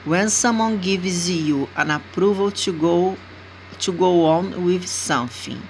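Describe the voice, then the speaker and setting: A Brazilian woman with a fairly low voice gives an English lesson, speaking very slowly and deliberately. She often checks in with her students with an 'okay?'. A faint noise sits behind her voice. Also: rough recording. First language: Portuguese. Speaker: English teacher. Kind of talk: recorded language lesson.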